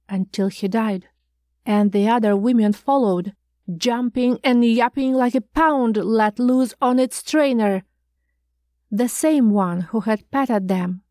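A woman reading a science fiction short story aloud in a measured, expressive storytelling manner. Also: on the high side, no room sound. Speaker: audiobook reader. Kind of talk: scripted narration.

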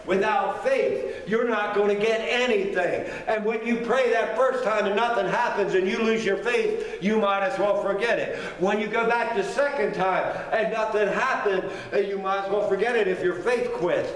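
A man's voice: high voice, normal speed, few pauses. A man preaching a sermon, fervent and repetitive, building with rhetorical questions. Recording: echoey hall, mic from far off.

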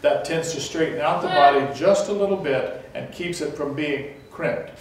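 A man teaching a choral leadership class, walking singers through breathing and vocal mechanics with patient explanation and the odd joke about himself. His fairly high voice rings around a very reverberant room, picked up from some distance away. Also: moderate pace, slight background noise. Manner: explanatory, hesitant restarts, light self-deprecating humor. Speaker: choral workshop instructor. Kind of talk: hands-on vocal technique lecture. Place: large echoey room, recorded from far off. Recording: very echoey room audio from a distant mic.

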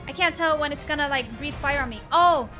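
A woman streamer reacting to a game she is playing, full of excitable yelps, exclamations and giggles. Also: high-pitched, brisk, soft background music. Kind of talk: live gameplay commentary.

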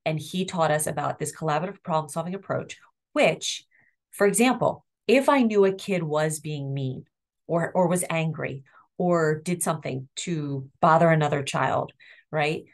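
A middle-aged woman with a low-pitched voice talks earnestly as an interview guest. She explains school discipline with empathy, pausing to demonstrate tones. Her delivery is steady and sincere. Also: vocal fry. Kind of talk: interview conversation.

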